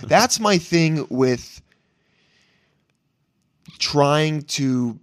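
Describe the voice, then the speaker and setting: A man's voice: fairly high pitch, lively intonation, extremely slow, no echo, clean studio sound. A young man in crude, casual podcast banter, laughing often and trailing off mid-sentence.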